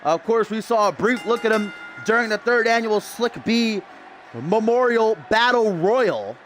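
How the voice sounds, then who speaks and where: A man's voice: high voice, animated, a little slow, a bit bright, slight background noise. A young man calling a wrestling video game match as play-by-play commentator, building hype with casual asides to his stream chat.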